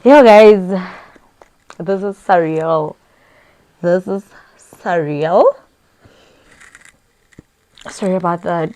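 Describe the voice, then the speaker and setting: A young South African woman vlogging in a casual, excitable, giggly way, switching between languages. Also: fairly low pitch, very slow, pauses often. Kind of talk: casual vlog chat.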